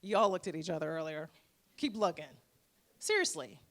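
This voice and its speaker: A woman in her forties, a dentist giving an emphatic, rhetorical motivational speech with dramatic pauses at a gala. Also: on the low side, expressive, gravelly. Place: gala event room.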